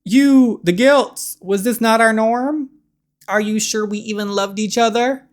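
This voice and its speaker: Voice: medium pitch, unhurried, pitched above the performer's own voice, lightly acted. A reader voicing a poised young woman back from a coma, with dramatic, wistful inner monologue. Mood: probing.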